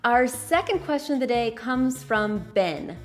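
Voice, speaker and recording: A woman's voice: on the high side, very animated, measured pace, soft background music. A woman hosting an interior design podcast, giving casual advice in a chatty, playful and emphatic way. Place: office.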